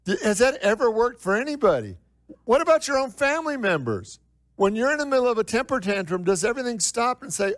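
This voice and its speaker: A man's voice: very high-pitched, sing-song, quick pace, dry recording. A male minister delivering a sermon in a conversational style, asking the congregation questions and repeating key phrases for emphasis. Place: church.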